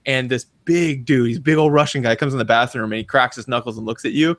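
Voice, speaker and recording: Podcast guy in his 30s, super animated, jumps into silly voices, dry close mic. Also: medium pitch, fast talker, no echo. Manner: animated storyteller, acts out quotes in big voices. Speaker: podcast co-host. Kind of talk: casual chat.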